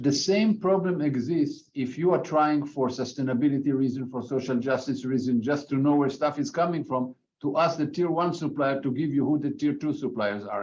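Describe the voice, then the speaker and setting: A man's voice: mid-range voice, a little mellow. A man on a webinar panel explaining points, often restarting his sentences, over a video call. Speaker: academic panelist. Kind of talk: panel discussion. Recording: dull lo-fi audio with faint noise.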